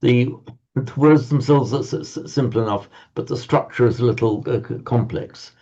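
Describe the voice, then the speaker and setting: A man teaching a Sanskrit class over a video call, explaining slowly with frequent stammered restarts and reciting verses. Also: medium pitch, gravelly, mellow, breathy edge, lo-fi sound.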